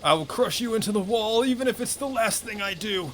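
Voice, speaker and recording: A man's voice: high voice, lively intonation, a little fast, a bit bright, a little hiss or hum, voice pushed up. A man voicing an earnest young prince who vows to protect others, in a raised, declaiming voice. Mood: heroic.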